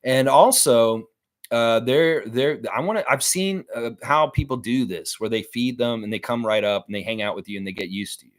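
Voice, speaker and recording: A man's voice: mid-range voice, normal speed. A man hosting a live stream, chatting casually and reading viewer comments aloud between rambling thoughts. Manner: rambling, reads chat aloud, laughs often.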